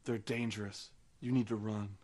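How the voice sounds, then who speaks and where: Man doing a hushed, deep ghost of a brooding young man. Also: normal speed, natural voice. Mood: stern. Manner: low, hushed, deadpan warnings.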